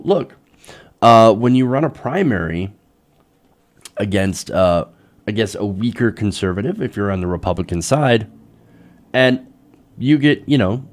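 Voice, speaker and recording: A young man delivers fired-up political commentary. He is sarcastic and exasperated, and his voice jumps up and down in pitch as he talks. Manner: heated, sarcastic, mocks politicians in put-on voices.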